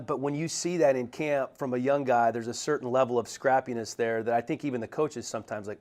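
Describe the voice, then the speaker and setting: A man's voice: mid-range voice, fast talker, few pauses, a little mellow. A man with a mid-range voice hosts a podcast interview. He is chatty and affirming, and he asks long, winding questions.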